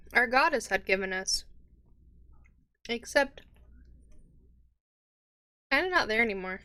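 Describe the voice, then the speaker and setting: A woman's voice: a little high, sharp tone, clear, resonant tone, heavily acted. A woman game master voicing a sulky, devout male tavern keeper in a tabletop game, talking casually and a little pouty.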